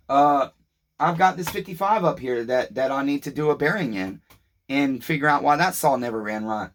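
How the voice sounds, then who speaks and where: A man's voice: medium pitch, normal speed. A man in pain, talking in a casual, confessional vlog, frustrated, profane and rambling. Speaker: vlogger.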